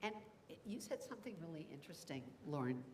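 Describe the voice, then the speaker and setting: A woman who teaches voice acting, speaking on a convention panel in an energetic, demonstrative way and laughing often. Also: deep voice, fast talker, slight background noise.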